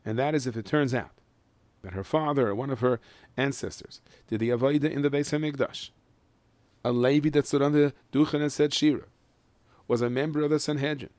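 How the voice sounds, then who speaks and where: A man teaching a Mishnah lesson in Yeshivish English with Ashkenazi Hebrew, explaining each line and chanting the Hebrew text slowly. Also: mid-range voice, darkish tone, no room sound. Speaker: Torah teacher.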